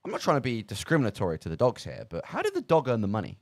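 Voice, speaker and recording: A man hosting a charity radio stream, chatting casually with a lively, bouncing voice. He rambles and pokes fun at himself, heard close and dry on a studio microphone. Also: mid-range voice, rapid-fire, no echo. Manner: rambling, self-mocking, lots of fillers. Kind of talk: casual live radio chat.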